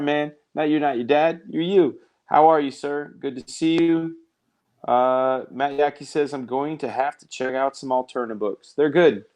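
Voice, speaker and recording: A man's voice: on the high side, darkish tone. A man hosting a live art stream, chatting casually in a rambling, jokey way and reading out viewer comments. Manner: rambling, self-interrupting, jokey.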